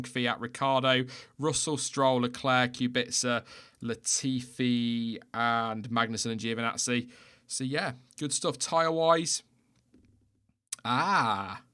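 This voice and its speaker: A man's voice: mid-range voice, fairly bright tone. A man in his thirties hosting a casual live stream, reading out timing data and chatting with a co-host, often laughing at himself. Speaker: podcast host. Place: home setup, no footage.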